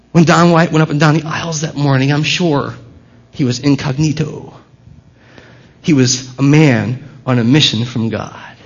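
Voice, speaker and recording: A man's voice: mid-range voice, creaky, slightly rough. A man preaching a sermon at a church service, talking to the congregation in a conversational, emphatic way. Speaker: pastor. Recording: dull lo-fi sermon recording.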